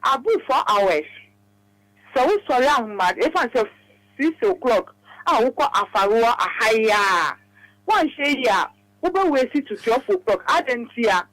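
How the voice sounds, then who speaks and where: A woman with a Ghanaian accent calling in to a radio show, rambling quickly in a mix of Twi and English. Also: a little high, lively intonation, a bit bright, no room sound, low-quality recording. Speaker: radio caller. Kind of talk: phone-in talk.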